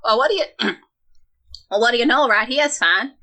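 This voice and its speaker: A woman's voice: medium pitch, normal speed, sharp tone, breathy edge. A woman voicing an overly friendly male cab driver, trying for a Midwestern accent and missing it. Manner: failed attempt at a Midwestern accent.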